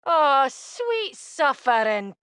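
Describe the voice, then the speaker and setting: A fierce, sharp-tongued young fiend-blooded woman for a video game. Her voice sits a little high and bites with scorn. It is recorded dry and close. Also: big pitch swings, very slow, dry recording, heavily acted. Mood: hostile, scornful. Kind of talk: video game character dialogue.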